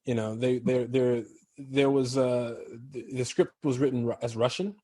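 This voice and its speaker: Husky-voiced man, animated guest storyteller. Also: medium pitch, moderate pace. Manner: animated storyteller, laughs often. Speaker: actor guest. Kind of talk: casual chat.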